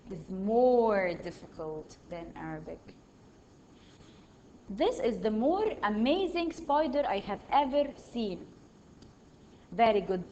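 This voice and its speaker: A woman's voice: mid-range voice, dark tone, dull audio, a little hiss or hum. A woman teaching a primary school English lesson, patiently reading out exercises and praising each answer. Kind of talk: online grammar lesson.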